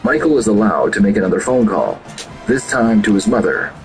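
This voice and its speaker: A man narrating a documentary in a measured, explanatory scripted style. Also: on the low side, sing-song, soft background music, low-quality recording.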